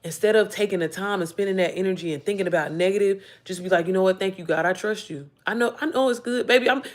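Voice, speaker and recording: She's a livestream host in her thirties with a medium-pitched voice and a fast delivery, leading casual motivational chat. Lively and foul-mouthed, she reads viewer comments, replies to them and calls people "baby" and "y'all."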